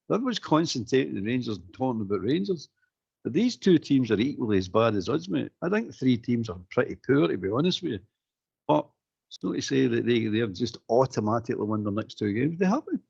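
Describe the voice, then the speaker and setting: A Scottish man with a gravelly, husky voice that rises and falls a lot as he talks football on a phone-in. He keeps repeating himself and tacks "mate" onto his sentences. The audio is dull and lo-fi. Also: medium pitch, quick pace. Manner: animated, repeats himself, says "mate" often. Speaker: caller.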